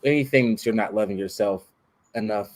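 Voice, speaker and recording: A man's voice: on the low side, a little fast. Laid-back male artist as podcast guest. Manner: laid-back and reflective, laughs easily. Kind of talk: casual interview chat.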